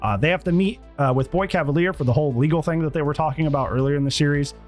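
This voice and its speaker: A man giving a casual, rambling review of a TV episode, animated and acting out bits of dialogue. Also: on the high side, very fast, soft background music. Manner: animated, rambling, acts out quotes. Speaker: TV show reviewer.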